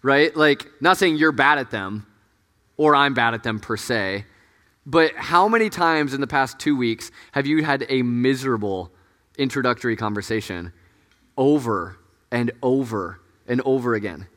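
A man's voice: mid-range voice, normal speed, fairly bright tone. A man preaching to college students in a casual, joking way, chatty and self-mocking with frequent laughs and fillers, in front of a large audience. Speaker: campus ministry pastor. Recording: long hall reverb.

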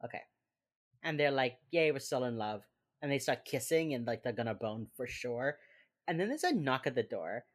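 A woman's voice: a bass voice, big pitch swings, normal speed. A young woman co-hosting a podcast, recapping a TV episode in casual chat, full of fillers and laughing as she acts out the characters' lines. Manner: chatty, lots of fillers, acts out quotes with laughs.

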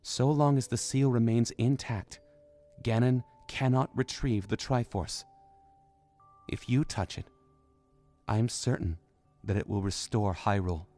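A gentle young princess speaks in a raised, soft voice, put on by a man reading an audiobook. Her words come tender and earnest, carrying quiet sorrow. Faint music plays beneath. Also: medium pitch, steady tone, unhurried, voice pushed up, lightly acted. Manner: soft, gentle and firm by turns. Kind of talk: audiobook character voice.

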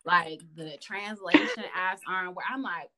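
A woman, a podcast guest, chatting casually and telling lively stories with lots of laughter. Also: lowish voice, unhurried, slight background noise. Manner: animated, laughing, calls listener "girl". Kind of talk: casual storytelling chat.

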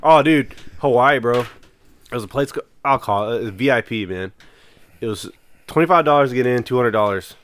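A man's voice: medium pitch, brisk, a bit bright. A man casually telling profane stories on a podcast, rambling with lots of fillers and laughing through them.

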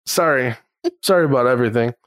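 A man's voice: medium pitch, quick pace, a bit bright. A man co-hosting a chatty podcast with a mid-range voice, trading silly jokes with his partner. His delivery is loose and playful. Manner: goofy, joking banter. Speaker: podcast co-host. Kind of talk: casual chat.

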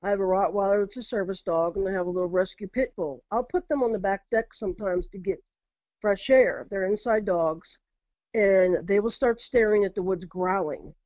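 A woman's voice: medium pitch, normal speed, a little mellow, no room sound. A middle-aged woman telling her own eerie encounters in a casual interview, earnest, often repeating her words. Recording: dull lo-fi audio.

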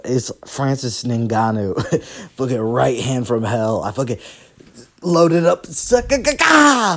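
A young man at a mid-range pitch, talking loosely and cursing freely. He rambles through his story, restarting sentences and laughing along the way. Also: mellow. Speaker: podcast host. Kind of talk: casual solo storytelling.

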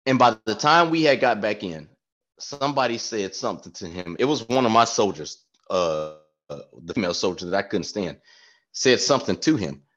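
A man telling an animated, profane army story with frequent laughs in casual podcast chat. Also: on the low side, moderate pace. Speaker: podcast co-host, former staff sergeant. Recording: dull lo-fi sound.

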